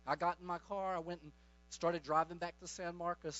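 Fervent high-voiced male preacher. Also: fairly even intonation, quick pace, fairly bright tone. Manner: fervent, commanding, storytelling. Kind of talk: charismatic sermon. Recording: dull lo-fi recording.

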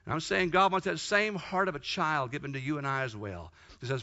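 A man's voice: fairly high pitch, brisk, sharp tone. A man preaching a sermon, retelling Bible stories fervently and emphatically. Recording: dull lo-fi recording.

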